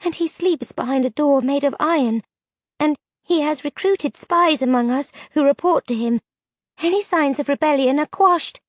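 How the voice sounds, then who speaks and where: A woman's voice: high-pitched, normal speed, dry recording, studio quality, voice pushed up, lightly acted. A woman voicing an anxious female creature, a mother who speaks in an earnest, trembling, formal way, in a fantasy audiobook. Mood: fearful. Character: anxious grass-covered creature mother, fearful.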